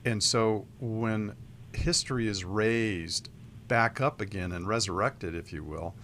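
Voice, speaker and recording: A man with a lowish voice, speaking in a measured, advising way as a radio counselor. A faint hum of room noise sits behind him. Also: a bit bright. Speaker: co-host counselor. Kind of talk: radio advice talk.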